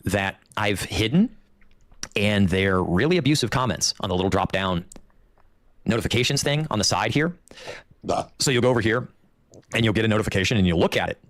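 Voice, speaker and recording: Give me a man with a lowish voice rambling and complaining, with dry close sound. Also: lively intonation, fairly quick, long pauses, no room sound. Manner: rambling with many restarts. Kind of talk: casual complaining monologue.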